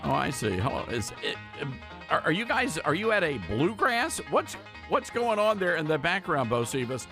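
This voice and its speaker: A man's voice: a little high, sing-song, over music. A man hosting a talk radio show, giving sarcastic, indignant commentary and taking calls. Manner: sarcastic, indignant, quick asides.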